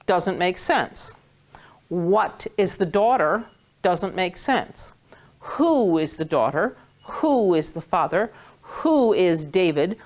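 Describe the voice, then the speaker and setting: A woman teaching a Hebrew reading lesson to a small class, patient and playful, stretching out key words. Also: fairly low pitch. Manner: patient, playful, drawn-out words when stressing.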